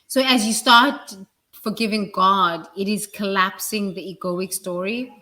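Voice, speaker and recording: A woman giving a blunt, emphatic spiritual talk, with sudden loud bursts. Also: medium pitch, unhurried. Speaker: spiritual speaker.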